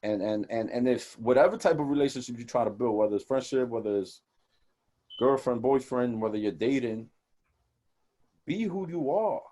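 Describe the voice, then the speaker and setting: A young man co-hosting a casual podcast, talking in animated, profane street slang and acting out quoted conversations. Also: mid-range voice, normal speed. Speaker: podcast co-host.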